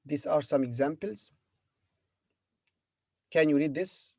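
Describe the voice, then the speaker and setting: A man gives a very slow, patient language lesson. He repeats each word carefully and stops often to hesitate. The sound is dry and close, with no room echo. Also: on the high side, creaky, a little mellow. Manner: patient, repeats words slowly with hesitant fillers. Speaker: Arabic teacher.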